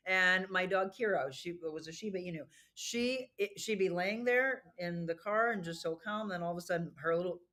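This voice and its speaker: A woman's voice: lowish voice, moderate pace, few pauses, fairly bright tone. A middle-aged woman hosting a casual chat, reading out viewer comments and laughing often. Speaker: host.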